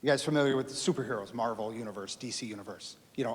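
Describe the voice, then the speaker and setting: A man giving a storytelling history lecture to a live audience in a lecture hall, animated, acting out quotes and asking the audience questions. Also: mid-range voice, rapid-fire. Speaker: history speaker. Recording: reverberant hall.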